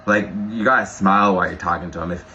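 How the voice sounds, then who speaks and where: A man coaching a sales trainee in an energetic way, often checking in with "right?". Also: sits low, fast, muffled recording, slight background noise. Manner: energetic, keeps asking "right?". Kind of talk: coaching session.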